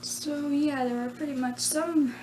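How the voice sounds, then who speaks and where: A woman's voice: high voice, fairly even intonation, measured pace, mellow, slight background noise. A woman hosting a casual vlog at home, talking hesitantly with lots of giggles and fillers. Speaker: channel host. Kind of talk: casual vlog about doing character voices.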